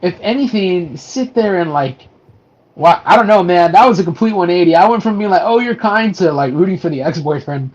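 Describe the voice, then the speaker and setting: A man's voice: high-pitched, animated, brisk, a little mellow, dull audio. A man co-hosting a casual movie review podcast, animatedly retelling scenes with acted-out quotes and lots of fillers. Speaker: podcast co-host.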